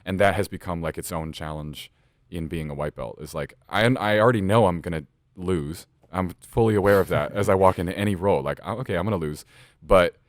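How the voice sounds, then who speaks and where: Fast-talking deep-voiced male host. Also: dry recording, clean studio sound. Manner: chatty, enthusiastic, talks at length. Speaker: podcast host. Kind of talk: casual interview chat.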